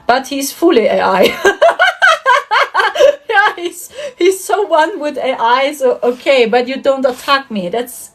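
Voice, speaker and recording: A woman with a notably high voice talks in a casual, rambling monologue. Her pitch swings widely as she giggles through her story. She keeps an earnest, confiding tone throughout. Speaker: spiritual channel host. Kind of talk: casual monologue about dreams.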